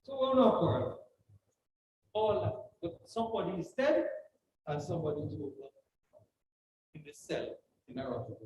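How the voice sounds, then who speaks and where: A guest speaker with a Jamaican accent addresses a justice of the peace commissioning service, earnestly telling stories and repeating words to stress them. The mid-range, darkish voice has a sing-song lilt at normal speed with long pauses, heard from a distance in a very echoey hall over slight background noise.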